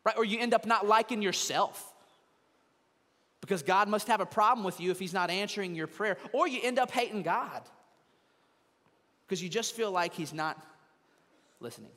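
A male pastor preaches a conversational sermon from a church stage, imitating churchgoers in quoted asides, in a sanctuary that is also streamed online. His high voice sounds pushed and bright, moving at a moderate pace with long pauses. The sound is that of a large hall.

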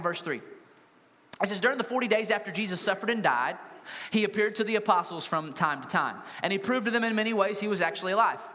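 A man preaching a sermon to a congregation, animated and humorous, full of rhetorical questions. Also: high-pitched. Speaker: pastor. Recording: long hall reverb.

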